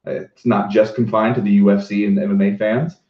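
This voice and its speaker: A man's voice: on the low side, level tone, a little fast. A man co-hosting a podcast, chatting casually with enthusiasm and wry self-deprecating asides. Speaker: podcast co-host. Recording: roomy, dull lo-fi sound.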